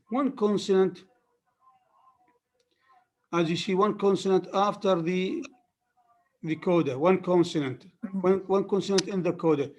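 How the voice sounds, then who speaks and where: A man's voice: high-pitched, slow, pauses often. Arabic-accented man giving a lecture. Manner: repetitive, emphatic teaching with many restarts. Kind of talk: phonetics lecture.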